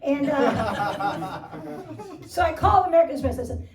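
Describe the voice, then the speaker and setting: A woman's voice: medium pitch, animated, normal speed, pauses often, darkish tone, roomy sound, distant mic. An older woman performing a rambling, self-deprecating stand-up routine on stage, often laughing at her own jokes. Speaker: stand-up comedian. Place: stage before a live audience.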